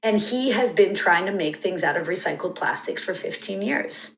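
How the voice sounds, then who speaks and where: A woman's voice: fairly low pitch, animated, moderate pace, creaky, reverberant, low-quality recording. A woman guest on a podcast, telling a reflective story in an earnest, rambling way with plenty of "like" and "you know".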